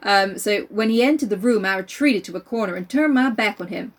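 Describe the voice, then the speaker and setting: A woman on a podcast talks through a novel in loose, casual chat. Her voice sits in a middling pitch, and she swears often with energy and indignation in the retelling. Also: brisk, far from the mic. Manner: chatty, swears freely, lively retelling. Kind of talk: casual book discussion.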